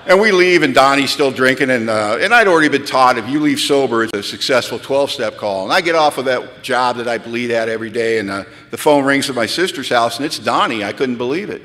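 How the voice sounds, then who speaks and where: A man in his fifties telling his recovery story as a retreat speaker, with animated, self-deprecating humor and a habit of saying "man.". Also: mid-range voice, brisk, few pauses, a little hiss or hum. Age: 50s. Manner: peppers speech with "man". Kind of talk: storytelling talk. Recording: echoey hall with long reverb.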